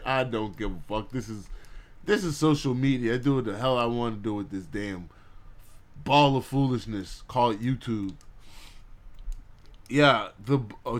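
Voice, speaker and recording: A man hosting his own podcast, ranting bluntly and profanely to his live chat and laughing at his own jokes. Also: medium pitch. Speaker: podcast host.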